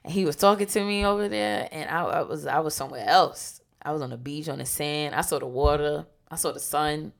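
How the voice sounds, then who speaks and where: A woman's voice: low-pitched, fairly quick, creaky, few pauses. A woman, chatting playfully and animatedly as host. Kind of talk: casual chat.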